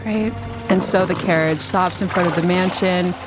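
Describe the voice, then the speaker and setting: A woman running a comedy tabletop game. She sets scenes in a casual, lowish voice. Faint music plays behind. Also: steady tone, normal speed. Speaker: dungeon master.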